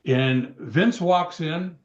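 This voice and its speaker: A man on a podcast telling a backstage anecdote in an unhurried way. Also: fairly high pitch, roomy sound, highs cut off. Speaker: co-host. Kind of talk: storytelling on a podcast.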